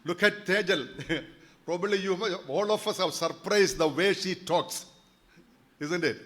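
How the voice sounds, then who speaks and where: A man's voice: high voice, unhurried, fairly bright tone. A man, preaching a church sermon earnestly and repeating key phrases for emphasis. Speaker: pastor.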